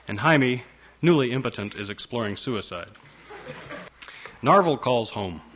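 A man's voice: medium pitch, fairly bright tone. A man reading a story aloud in a dry, wry narration style. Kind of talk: scripted audiobook narration.

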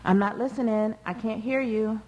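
A woman's voice: a little high, steady tone, normal speed, darkish tone, muffled recording, pitched above the performer's own voice, natural voice. A woman voicing a young girl who is dazed and pleading after a car crash. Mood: insistent.

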